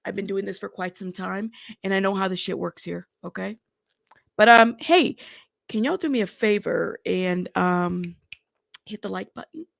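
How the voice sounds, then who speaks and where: A woman's voice: medium pitch, moderate pace, vocal fry, no room sound, studio quality. A woman hosting a casual news livestream, chatty and blunt, who laughs often, greets her chat by name and has a slightly sick throat.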